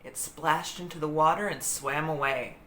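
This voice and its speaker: A woman reading a children's book aloud in an expressive, dramatic storytelling manner. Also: low-pitched, moderate pace. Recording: roomy echo with faint hiss.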